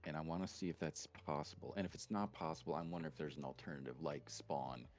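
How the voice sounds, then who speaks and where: A man's voice: extremely low pitch, fast. A man on a voice call, a game mod creator thoughtfully explaining his ideas in casual chat.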